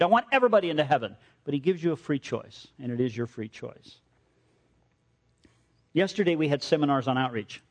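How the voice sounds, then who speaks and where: A man preaching a sermon, telling stories in an animated way and often repeating phrases. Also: fairly high pitch. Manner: animated storytelling, repeats himself.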